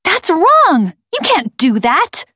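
A woman reading an audiobook and voicing a headstrong young girl who pleads and argues in a high, strained voice. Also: animated, moderate pace, dry recording, clean studio sound. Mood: pleading.

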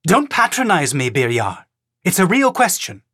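Cutting impatient woman official, as a male narrator puts her on, pitched up, dry close sound, audiobook. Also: huge pitch swings, normal speed, husky, dry recording, heavily acted. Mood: insistent. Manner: forceful, cutting.

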